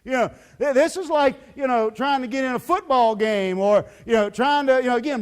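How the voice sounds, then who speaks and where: A man preaching a sermon as pastor, telling the story in a lively, folksy way full of "you know" fillers. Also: extremely high pitch, normal speed, hardly any pauses, smooth. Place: church sanctuary.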